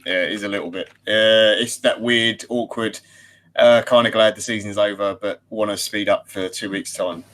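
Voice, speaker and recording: Man co-hosting a podcast, calm, measured, lowish voice. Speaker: podcast co-host. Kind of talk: casual podcast chat.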